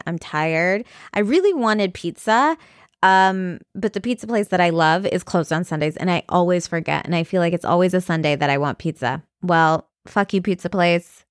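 A woman's voice: fairly low pitch, no echo. Candid rambling young woman, dry sound. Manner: candid, rambling, with fillers and restarts. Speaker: vlogger. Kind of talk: personal vlog talk.

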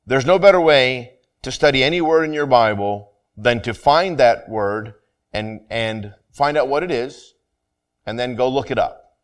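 An earnest male pastor preaching to his congregation at a mid pitch. He slows down for scripture and prayer. He often restarts and repeats his phrases as he explains a point. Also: animated, clear, resonant tone. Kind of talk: sermon.

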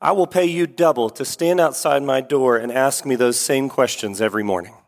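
A man voicing a calm little rabbi. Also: mid-range voice, normal speed, close to an everyday voice. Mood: wry. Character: small, calm, bold old male rabbi. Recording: echoey hall.

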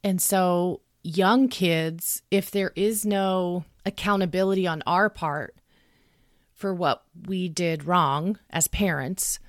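A woman in her thirties talking in a podcast, explaining calmly and earnestly and acting out what she would say to her child. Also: lowish voice, slow pace, no room sound, studio quality. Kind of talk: conversational podcast talk.

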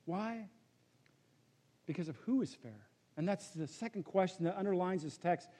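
A man preaching a sermon as pastor, telling a joke story and then dropping to a hushed, earnest tone. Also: high voice, moderate pace. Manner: storytelling with jokes, swings from loud to hushed.

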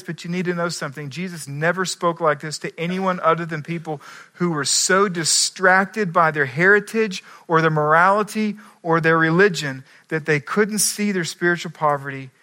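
A man preaching a sermon as pastor, earnest, moving between quiet asides and emphatic climaxes. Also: a little high, moderate pace.

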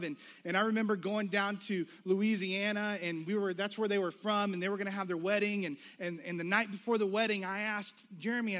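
A man's voice: sits high, fairly bright tone. A man preaching a sermon, telling a personal story and acting out the voices of the people in it. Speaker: pastor.

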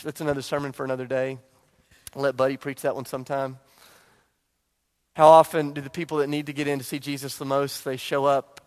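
A man preaching a sermon in a church, retelling a story with animated, emphatic delivery. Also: mid-range voice. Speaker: pastor. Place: church sanctuary.

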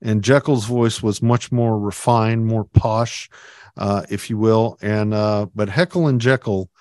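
A man's voice: on the low side, fairly even intonation, measured pace, a little mellow, no echo, studio quality. A man co-hosting a podcast in casual chat, rambling and hesitant, with lots of fillers. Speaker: podcast co-host.

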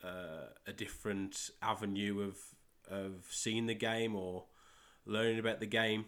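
A young man with a West Midlands English accent, hosting a solo soccer podcast and talking in a halting way with many fillers and repeated words. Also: on the low side, steady tone, fairly bright tone. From England. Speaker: podcast host and soccer coach.

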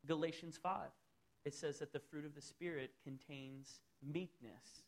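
A man preaching a sermon as pastor in a church, swinging between loud, rising appeals and soft, low asides. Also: fairly even intonation, a little slow.

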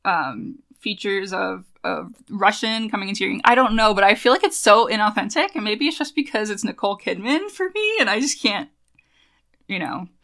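Bright-voiced animated woman podcast host. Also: mid-range voice, normal speed. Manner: animated, laughs often, trails off and restarts. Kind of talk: casual chat.

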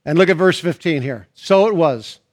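A pastor preaching a sermon and reading scripture, slowing and rising on stressed phrases. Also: male voice, on the high side, expressive.

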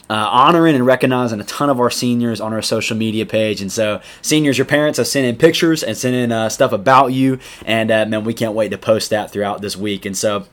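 A young man, a high school youth pastor giving a casual, chatty podcast devotional, saying "man" often. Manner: laid-back, chatty, says "man" a lot.

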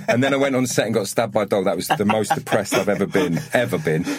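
A man's voice: on the low side, sing-song, a little fast, husky, no echo. A man, an actor, telling a wry, self-mocking story in casual chat, laughing along. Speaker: actor, podcast guest.

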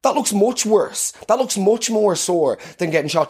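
A man's voice: high voice, lively intonation, moderate pace, darkish tone, husky. An Irish man, around thirty, delivering a swearing, self-mocking comic monologue. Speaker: comedian.

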